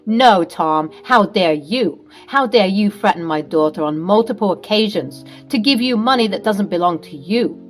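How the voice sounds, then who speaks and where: A woman's voice: medium pitch, expressive, normal speed, few pauses, soft background music, close to an everyday voice. A woman voicing a fierce, protective middle-aged mother who speaks in a stern, accusing way.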